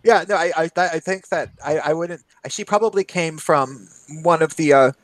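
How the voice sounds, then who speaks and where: A man's voice: on the high side, normal speed, no echo, rough recording. A man co-hosting a podcast, telling a rambling, laughing, swearing story in casual chat. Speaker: podcast co-host.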